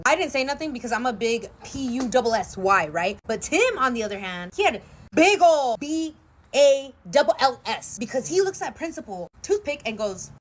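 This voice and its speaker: A woman telling a story in comedic skit clips, playful and animated. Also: fairly high pitch, brisk.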